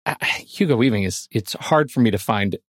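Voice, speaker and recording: A man talking casually about a film on a podcast, with many halting restarts. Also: fairly low pitch, lively intonation, no echo, studio quality. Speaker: podcast co-host.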